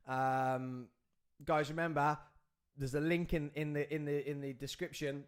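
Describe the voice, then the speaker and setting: A man's voice: on the high side, steady tone, moderate pace. A man hosting a live podcast. He rambles and jokes, and he keeps breaking off to talk to the crew. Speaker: podcast host.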